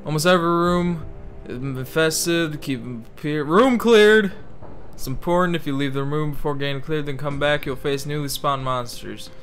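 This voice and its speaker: Excitable young man with a joking put-on accent. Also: a little high, normal speed, faint music behind. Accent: put-on Italian-ish accent. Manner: rambling, excitable, swears, reads game text aloud mockingly. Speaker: gaming channel host. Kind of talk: casual gameplay commentary.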